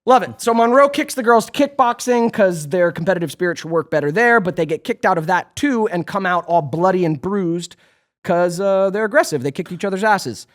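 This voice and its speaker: A man with a slightly higher voice talks loosely and chattily as a podcast co-host. He recaps the episodes with plenty of fillers and laughter. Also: lively intonation, fairly quick. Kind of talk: casual rewatch recap chat.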